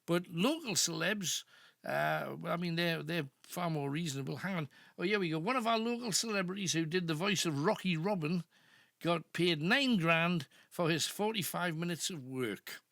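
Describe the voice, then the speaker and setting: Gravelly older Geordie radio host. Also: male voice, a little high, expressive, normal speed, fairly bright tone, dry recording, studio quality. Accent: Northeast English (Geordie). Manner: rambling, anecdotal storytelling. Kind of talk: late-night phone-in chat. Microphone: studio microphone.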